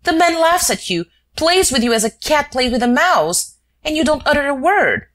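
A woman voicing an excitable, loyal male companion who gets agitated and indignant in outbursts. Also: brisk, full character voice. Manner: indignant, high-strung outbursts.

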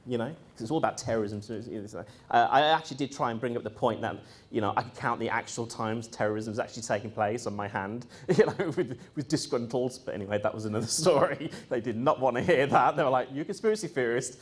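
A man tells a long story in a casual, rambling manner, packed with fillers and quotes he acts out in different voices. His medium-pitched, slightly rough voice moves quickly with few pauses, and he sounds lively throughout.

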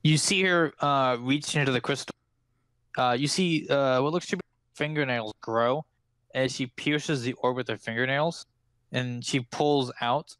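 A man's voice: mid-range voice, fairly even intonation, moderate pace, a bit bright, clean tone, no echo. A man as game master, narrating a tabletop game in a casual, filler-heavy way.

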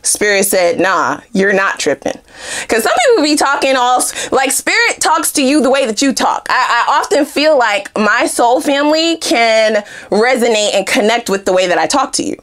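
A woman tarot reader talks through a casual reading, animated and profane, often laughing. Her voice sits fairly high and leaps around expressively in pitch. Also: normal speed, few pauses.

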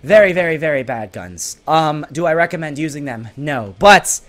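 A man with a hoarse voice giving exasperated, sarcastic, excitable commentary over his own gameplay. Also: a little high, moderate pace. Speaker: gaming channel host.

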